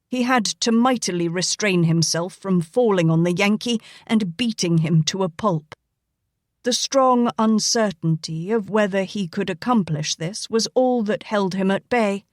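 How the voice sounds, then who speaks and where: Slow, measured woman audiobook narrator. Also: medium pitch, no room sound, studio quality. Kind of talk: scripted narration.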